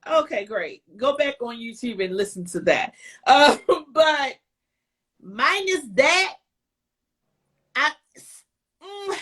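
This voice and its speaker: A woman's voice: high-pitched, expressive, slow pace, pauses often, a bit bright. A woman on a casual podcast gives her opinions bluntly and teases her co-host, swearing freely. Her voice sits a touch above the usual for a woman. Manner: blunt, profane, teasing. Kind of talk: casual chat.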